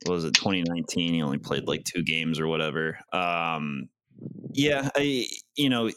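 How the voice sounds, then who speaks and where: A man co-hosting a sports podcast, relaxed and rambling with fillers. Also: low-pitched, moderate pace, slight background noise. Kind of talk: casual sports chat.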